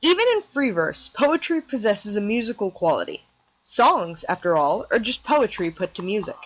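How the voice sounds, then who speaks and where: A woman reading a scripted lesson aloud as narration for an animated video, in a clear, explanatory way. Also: mid-range voice, moderate pace, muffled recording.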